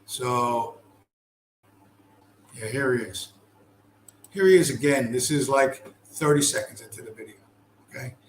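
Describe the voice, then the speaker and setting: A man shares a video on screen and talks over it with blunt, sarcastic commentary full of heavy swearing. His mid-range voice moves at a measured pace with frequent pauses, in an echoey room with faint ambience and slight background noise.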